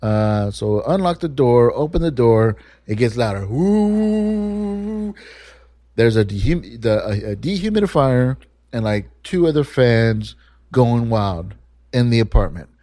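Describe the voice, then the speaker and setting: A man with a dark, mellow voice tells a rambling story full of swearing, casual and animated. His voice is close and dry on a podcast microphone, with no room sound. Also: mid-range voice, normal speed, dry recording.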